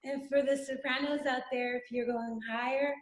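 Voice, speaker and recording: A woman as instructor leading a guided breathing and vocal exercise, giving calm step-by-step instructions between long sung vowel tones. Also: sits high, normal speed. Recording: roomy echo.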